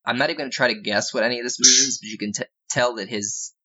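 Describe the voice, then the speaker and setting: A man's voice: mid-range voice, steady tone, fast, pushed and bright, husky. A man co-hosting a casual video game podcast, enthusiastic and rambling with fillers and asides. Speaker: podcast co-host. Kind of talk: casual game discussion chat. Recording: slightly dull lo-fi recording.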